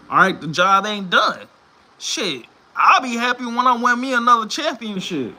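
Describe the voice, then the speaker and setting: A man giving a profane, animated sports rant from home in a casual vlog, swearing and laughing often. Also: very high-pitched, moderate pace. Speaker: vlogger. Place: home room.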